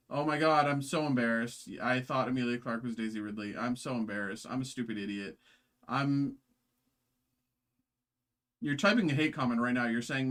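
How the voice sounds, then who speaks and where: A man's voice: mid-range voice, fairly even intonation, brisk, a bit bright. A man hosts a live card-opening break, chatting casually as he opens packs. His talk rambles, with constant fillers and restarts. He jokes at his own expense. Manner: self-deprecating, rambling with many fillers and restarts.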